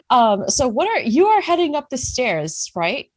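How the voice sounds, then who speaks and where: A woman's voice: sits high, dry recording. A woman running a tabletop game, narrating with fillers and frequent laughs. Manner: hesitant, giggly, many fillers. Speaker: game master.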